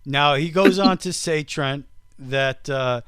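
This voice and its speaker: A man's voice: fairly high pitch, slow, a bit bright, clean tone, no echo. Teasing podcast host man, dry close mic. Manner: teasing, playful storyteller. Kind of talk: casual comedic chat.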